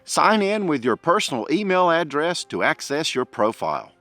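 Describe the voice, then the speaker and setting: A man chatting casually on an outdoor vlog, hushing and coaxing while he walks and sits to listen for birds. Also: on the high side, big pitch swings, moderate pace, no room sound. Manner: hushed, coaxing, folksy. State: a bit out of breath. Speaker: vlogger. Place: outdoors in woods.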